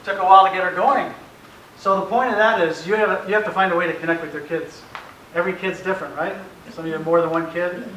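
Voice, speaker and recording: A middle-aged man with a slightly high, somewhat bright voice gives an informal, anecdotal talk to parents, acting out family conversations and chuckling often. He speaks in a meeting room before an audience, recorded from a distant mic in a roomy, echoey space with faint hiss.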